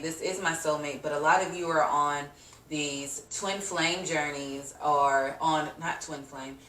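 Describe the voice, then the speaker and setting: A woman's voice: low voice, fairly bright tone, echoey room, distant mic, slight background noise. A woman giving a casual tarot reading to her viewers, chatty and slangy, laughing often and acting out reactions. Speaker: tarot reader.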